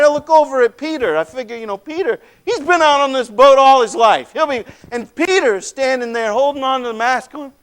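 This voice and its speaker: A male preacher retelling a story in the first person, swinging between loud outbursts and hushed, quiet lines. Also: extremely high pitch, fairly quick, few pauses, clear, resonant tone. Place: church.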